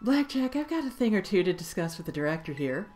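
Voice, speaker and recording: A woman voicing a cheerful, doting mother in a video game, speaking in a lively, motherly way. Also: medium pitch, fast talker, soft background music, lightly acted.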